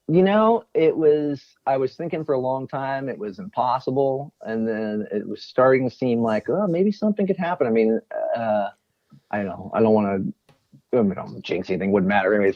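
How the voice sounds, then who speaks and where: A man's voice: medium pitch, no echo. A man in casual podcast chat as a guest co-host and former bandmate, rambling and joking. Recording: muffled lo-fi audio.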